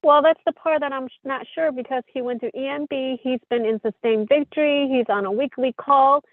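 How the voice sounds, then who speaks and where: Female caller, slightly high voice, halting, thin phone-line sound. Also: fairly even intonation, no room sound. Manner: hesitant, many fillers and restarts. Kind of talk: call-in conversation. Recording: tinny dry phone line.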